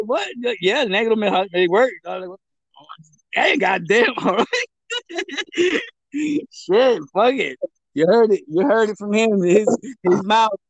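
A man with a gravelly, fairly high voice, talking casually and profanely on a podcast. He laughs often and slips into Spanish. The recording is dry and a little dull. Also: lively intonation, moderate pace, dry recording. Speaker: podcast co-host. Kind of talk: casual chat.

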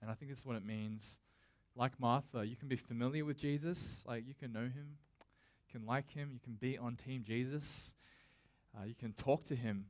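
This male pastor speaks straight to his flock with an easygoing, chatty sermon. He has an average, mid-level pitch. His preaching leans on fillers and false starts, not polished rhetoric.

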